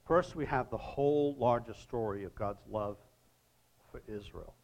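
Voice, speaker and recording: A middle-aged man preaching a sermon, reading scripture aloud with pauses and talking to listeners in conversational asides. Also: medium pitch, darkish tone, dull audio.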